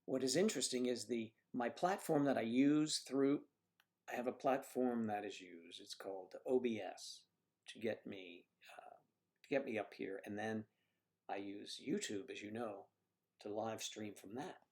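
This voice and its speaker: Gravelly guy hosting a livestream, keeps clearing his throat, muttering at his computer mic. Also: on the low side, normal speed, a little mellow. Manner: frequent throat clearing, muttering to himself while checking settings. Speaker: livestream host. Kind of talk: casual livestream chat while fixing tech trouble. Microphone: computer microphone at a desk.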